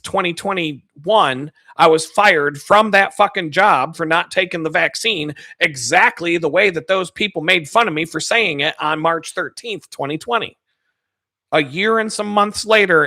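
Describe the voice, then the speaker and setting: A man's voice: on the high side, moderate pace, no room sound, clean studio sound. Heated, profane man ranting. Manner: profane, heated ranting with sudden shouted outbursts. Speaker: podcast host. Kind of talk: angry personal monologue.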